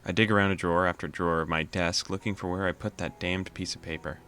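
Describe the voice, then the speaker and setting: A man's voice: low voice, steady tone, fast, bright, forceful tone, smooth, faint music behind. A man hosting a let's play, casually reading a visual novel's narration aloud with amused asides.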